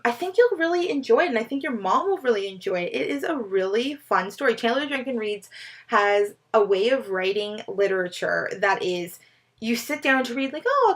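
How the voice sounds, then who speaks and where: Chatty woman recommending books. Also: a little high. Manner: chatty, enthusiastic, stumbles over names. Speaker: book vlogger. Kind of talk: casual book recommendations.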